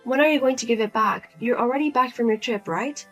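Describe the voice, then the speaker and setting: A woman playing a fed-up grown daughter who speaks flatly and firmly to her pushy mother in a narrated drama. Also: a little high, fairly quick, soft background music. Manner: flat, firm, cold and blunt. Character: Lizzie, grown daughter, cool, blunt, fed up.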